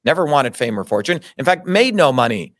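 A man's voice: medium pitch, sing-song, brisk, no echo. A middle-aged man telling his own story in an interview, indignant, emphatic and full of swearing. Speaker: interview guest. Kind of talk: heated personal storytelling.

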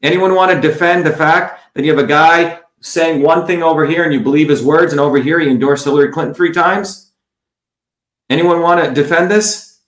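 Brief: blunt, scornful male candidate on a livestream, higher-pitched, echoey room. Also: a little fast, a bit bright. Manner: blunt, scornful, repeats "okay?". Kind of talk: combative campaign livestream, reading viewer comments.

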